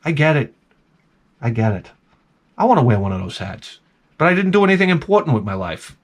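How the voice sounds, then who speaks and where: A man's voice: medium pitch, sing-song, fairly quick. A man telling a comic rant about a bad day, exasperated, profane and self-mocking. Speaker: comedy vlogger.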